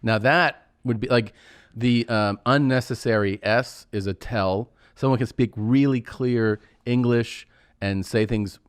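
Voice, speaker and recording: A man's voice: medium pitch, a little slow, clean tone, dry recording. Podcast host guy, jokey, acts out little scenes, dead dry mic. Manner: joking, acts out imagined dialogue. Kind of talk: casual podcast chat.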